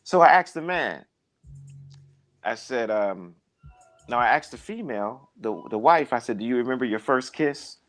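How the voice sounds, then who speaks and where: A man with a lively, swooping voice talks in a casual chat, preaching and telling anecdotes. He acts out the voices of the people he quotes in them. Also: medium pitch, normal speed, long pauses, faint music behind. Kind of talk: casual conversation, storytelling.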